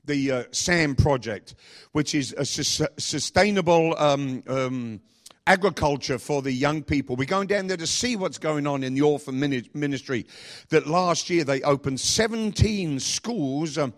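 A man pastor preaching a sermon, asking the congregation repeated questions and speaking with lively emphasis. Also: a little high, a little slow.

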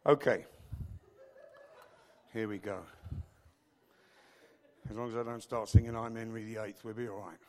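A man preaching a sermon as pastor, animated and joking, with frequent asides to his congregation. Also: lowish voice, slow, pauses often.

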